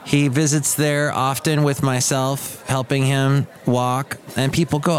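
A man hosting his own podcast, talking in a rambling, wry and self-deprecating way, now and then slipping into quick silly voices. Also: mid-range voice, level tone. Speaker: podcast host. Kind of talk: rambling solo podcast monologue. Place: Bay Area.

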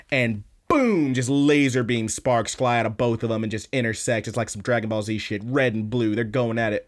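Man, podcast co-host, mid pitch; swears freely, retells scenes with energy and quoted voices. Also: fairly even intonation, moderate pace. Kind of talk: casual recap chat.

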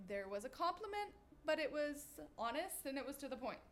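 A woman's voice: sits high, very animated, quick pace, few pauses, a bit bright. A young woman hosting her own podcast, chatting casually while walking around her kitchen, swearing freely and acting out what she and others said. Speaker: podcast host. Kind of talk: casual solo podcast chat.

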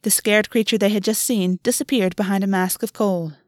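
Female storyteller reading fantasy fiction, steady and even, middle pitch, close dry mic. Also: normal speed, no room sound. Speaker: audiobook narrator. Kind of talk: fiction read-aloud.

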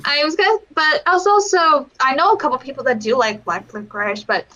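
A woman chats through a wrestling match on a casual podcast. Her voice is high and very bright. She rambles and restarts, with lots of fillers. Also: a little fast, dull audio. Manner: rambling, giggly, full of fillers. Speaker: podcast co-host. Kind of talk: casual chat reviewing wrestling.

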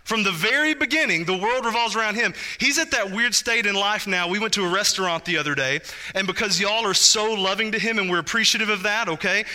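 A man, a pastor preaching a sermon in an animated, conversational way, with asides to his congregation. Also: sits high.

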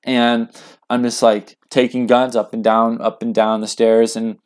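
A young man telling a personal story in casual speech, earnest and halting, with lots of fillers. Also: medium pitch, flat delivery, clean tone. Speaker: guest.

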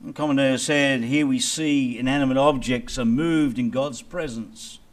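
Pastor preaching with dramatic swings. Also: male voice, medium pitch, steady tone, moderate pace. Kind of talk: sermon.

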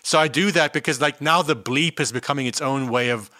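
A man talks in a mid register with a bright, tense edge, explaining slang in an easygoing way. The recording is close and dry. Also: mid-range voice, a little fast, dry recording. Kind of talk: casual chat.

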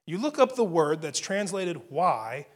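A man's voice: on the high side, very animated, measured pace. A man preaching a sermon, earnest and building his points, often repeating words as he goes. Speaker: pastor.

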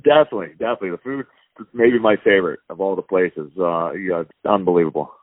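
A man in his thirties from Pennsylvania, a guest chatting casually in an interview, relaxed with many fillers and restarts. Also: sits low, moderate pace, no room sound. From Wampum, Pennsylvania, USA. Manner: easygoing, lots of fillers and restarts. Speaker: guest, hockey player. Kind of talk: casual interview over phone. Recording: tinny phone line, dry.

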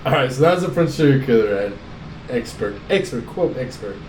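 A man's voice: medium pitch, expressive, brisk, a little mellow. A man hosting a podcast, chatting casually, crude and joking while reading news stories aloud. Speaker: podcast host. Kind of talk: casual chat. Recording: echoey room, faint background noise.

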